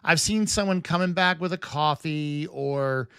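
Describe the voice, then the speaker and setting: A man's voice: fairly high pitch, unhurried, sharp tone, clear, resonant tone, no echo, clean studio sound. A man co-hosting a casual podcast, rambling through a complaint with self-questioning asides and strings of rhetorical questions. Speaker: podcast co-host. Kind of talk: casual chat.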